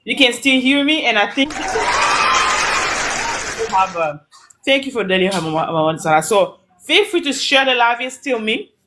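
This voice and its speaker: A woman's voice: fairly high pitch, lively intonation, moderate pace, a crowd in the background, background noise. A woman hosting a live talk as a coach for mothers, speaking earnestly and repeating her points, greeting viewers by name. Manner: repetitive, earnest, preachy. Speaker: host and mom coach. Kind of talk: motivational live-stream talk. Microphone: phone, audio-only live.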